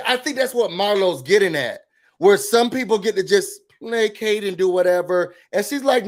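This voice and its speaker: Male recap host, high-pitched, sassy and animated, casual live-chat delivery. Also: moderate pace. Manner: animated, sassy, emphatic opinions. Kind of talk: casual livestream reality-TV recap.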